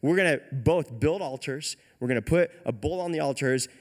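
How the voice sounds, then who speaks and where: A man's voice: fairly high pitch, moderate pace, close to an everyday voice. Man doing a chill, slangy prophet. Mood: casual. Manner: casual slangy, unbothered. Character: laid-back, bold male prophet, talks like a buddy.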